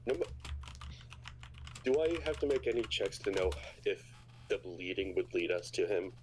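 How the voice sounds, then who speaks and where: Low-voiced dude playing tabletop over voice chat, hesitant, voice moves around a lot, faint hiss. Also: male voice, expressive, normal speed, low-quality recording. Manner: hesitant, sorting through options aloud. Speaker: player. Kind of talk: casual tabletop game chat.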